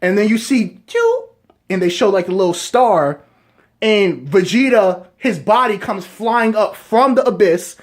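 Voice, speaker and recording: Young man, high voice, casual rambling commentary, keeps asking "right?". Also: big pitch swings, a little slow. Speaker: video reviewer.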